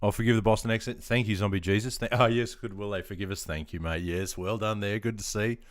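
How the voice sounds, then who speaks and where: An Australian man streaming live, chatting casually in a relaxed, rambling way with frequent ums and chuckles. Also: lowish voice, fast talker, no echo, clean studio sound.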